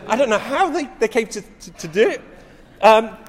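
A man's voice: extremely high pitch, expressive, moderate pace, big-room sound. A middle-aged man preaching a sermon, telling stories with rising emphasis and frequent restarts.

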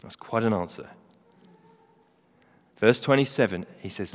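A middle-aged man preaching a sermon, animated, swinging from loud emphasis to hushed, quiet readings. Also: medium pitch, moderate pace, pauses often. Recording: reverberant hall.

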